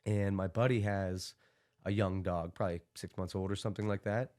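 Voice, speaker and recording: A young man with a somewhat low voice tells a long anecdote as a podcast guest. He rambles, fills gaps with "like," and laughs his way through it. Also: steady tone, moderate pace, darkish tone. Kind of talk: casual storytelling.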